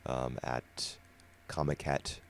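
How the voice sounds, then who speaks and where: A man with a remarkably deep, low voice talks through his views at an easy pace. He co-hosts a casual podcast discussion and explains things at length in a relaxed way. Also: takes it slowly, a little hiss or hum. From United States. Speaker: podcast co-host.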